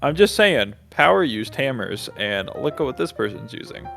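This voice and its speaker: A man's voice: mid-range voice, sing-song, moderate pace, gravelly, a bit bright, faint music behind. A man co-hosting a casual podcast, chiming in with short, agreeing replies. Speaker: co-host.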